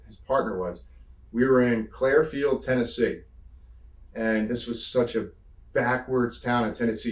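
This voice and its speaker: Guy from the northeast spinning wild road stories, acts out the quotes, sounds roomy and a bit far off. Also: medium pitch. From Northeast United States. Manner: animated storyteller, acts out quotes, swears freely. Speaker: wrestling interview guest. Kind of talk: casual storytelling interview.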